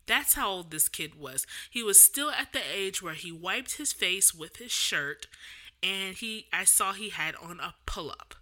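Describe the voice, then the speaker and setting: Woman podcast host, very bright voice, candid and heated, lots of fillers and restarts. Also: medium pitch, expressive, unhurried. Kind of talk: casual podcast monologue.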